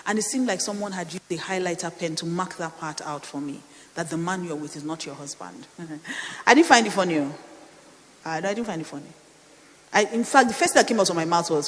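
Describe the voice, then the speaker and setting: A middle-aged woman pastor, preaching a sermon with animated storytelling and playful asides. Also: lowish voice, big-room sound. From Nigeria.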